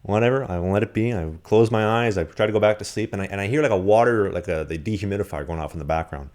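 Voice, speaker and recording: A man co-hosting a podcast, telling rambling, animated stories in casual chat. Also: fairly low pitch, quick pace. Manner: animated, rambling anecdotes with acted-out quotes. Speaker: podcast co-host. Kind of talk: casual storytelling.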